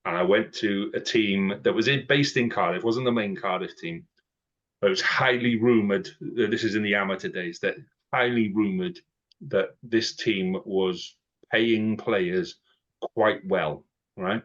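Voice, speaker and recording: A middle-aged man hosting a podcast, telling lively stories and peppering them with "right?" and "you know". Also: on the low side, measured pace. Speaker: podcast host. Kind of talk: casual podcast chat. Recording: dull lo-fi audio.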